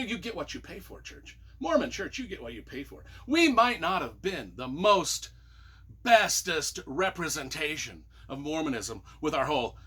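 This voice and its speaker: Book-reviewer vlogger from Utah, a man with a sharp, husky voice; casual and rambling. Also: a little high. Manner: animated, rambling, with many fillers and asides. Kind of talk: casual personal storytelling.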